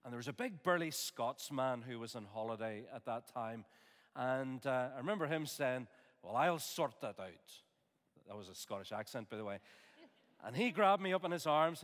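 A man preaching a sermon in an earnest, measured way, with homely asides. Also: on the high side, a bit bright. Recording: long reverb of a large hall.

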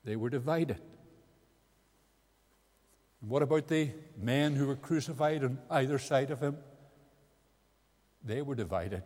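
A man's voice: medium pitch, unhurried, pauses often, a little mellow. A man preaching an evangelistic sermon in a meeting house, earnest and building to emphatic peaks. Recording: long hall reverb.

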